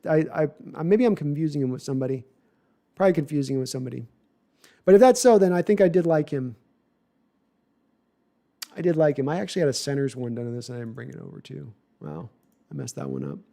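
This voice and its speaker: A man hosting a casual live stream, reading viewer comments aloud and answering them with quick asides and self-corrections. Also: high voice, dark tone. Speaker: livestream host answering viewer chat. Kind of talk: casual live chat about football.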